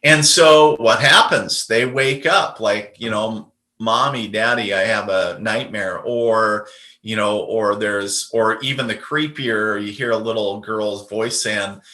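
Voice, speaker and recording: A man's voice: on the low side, slow, sharp tone, reverberant. A man, a podcast guest and medium, telling a personal story in a casual, rambling way with lots of fillers and restarts.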